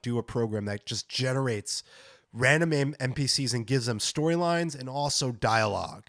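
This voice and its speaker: A man chatting on a gaming podcast, eager and rambling, his voice pitched in an ordinary middle range. The sound is dry and close, with no room echo. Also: a bit bright. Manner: enthusiastic, rambling, reacting to clips. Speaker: podcast host. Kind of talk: casual gaming podcast chat.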